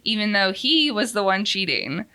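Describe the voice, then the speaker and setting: A woman reads anonymous confession stories aloud to her co-host. Her voice is bright and her pitch moves in wide, lively swings. She breaks into laughter between passages. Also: normal speed, clean tone. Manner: laughs often between lines. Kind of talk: reading stories aloud with reactions.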